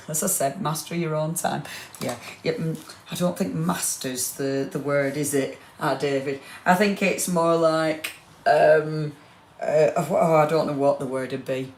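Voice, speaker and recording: A woman's voice: low-pitched, fairly even intonation, a little slow, darkish tone, slight background noise. A woman leads a live crafting demo, chatty and gushing with rambling asides. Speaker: craft demonstrator. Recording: roomy echo.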